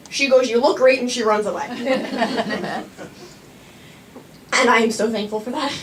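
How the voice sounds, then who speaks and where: A woman's voice: on the high side, fairly bright tone, far from the mic, a little hiss or hum. A young woman telling a personal story live on a small stage, chatty with lots of "like" and frequent laughter.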